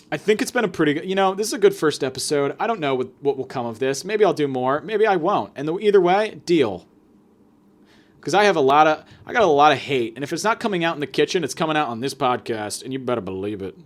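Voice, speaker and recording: A man hosting a podcast, delivering a profane, sarcastic comedic rant that swings between loud outbursts and mutters. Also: mid-range voice. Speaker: podcast host.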